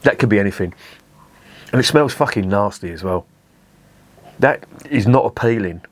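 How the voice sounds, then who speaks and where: A man's voice: lowish voice, expressive, moderate pace. A man reviewing beer in a vlog, ranting in a sweary, exasperated way and often restarting his sentences.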